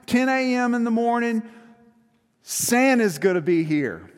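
A man's voice: very high-pitched, lively intonation, measured pace, clean tone, long reverb tail, pitched above the performer's own voice. A man voicing a grumpy, stern department store boss who talks curtly. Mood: gruff.

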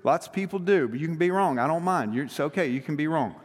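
A male pastor preaching a sermon in a conversational, joking way, rushing through some phrases. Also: a little high, expressive, long reverb tail. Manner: conversational and joking, with quick rushes.

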